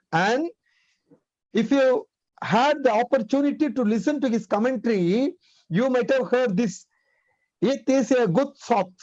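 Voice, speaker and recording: High-pitched Indian man teaching English. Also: darkish tone, no echo, lo-fi sound. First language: Tamil. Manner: repeats key words, asks rhetorical questions. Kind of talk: spoken English lesson.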